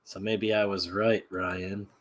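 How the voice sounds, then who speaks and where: A man's voice: fairly low pitch, level tone, takes it slowly. A man hosting a casual podcast giveaway, rambling and easily distracted, apologizing for his own slips. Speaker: podcast host running a giveaway. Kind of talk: casual chat.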